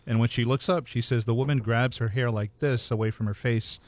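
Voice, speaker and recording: A man telling local ghost stories in a relaxed, measured way, matter-of-fact about the details. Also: medium pitch. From Hawaii. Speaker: ghost storyteller guest. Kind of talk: casual ghost storytelling.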